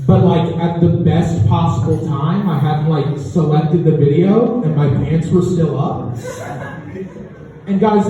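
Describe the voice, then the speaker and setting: A man's voice: a little high, background noise. A young man performing a stand-up comedy set in a club, telling a story with lots of filler words. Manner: conversational storytelling with many fillers. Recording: echoey far-off club recording, dull.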